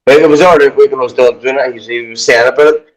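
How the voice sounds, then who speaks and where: A man's voice: medium pitch, steady tone, racing, poor audio. A man, a former boxer turned strength coach, chatting casually as a guest, rambling and swearing a lot as he acts out his own inner talk. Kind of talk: casual chat.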